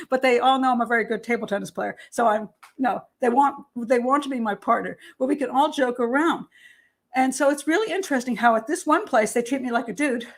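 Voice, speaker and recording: A woman's voice: fairly high pitch, gravelly. An older American woman hosting her own talk show, chatting casually and animatedly, often laughing and acting out what others say. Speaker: host and criminal profiler.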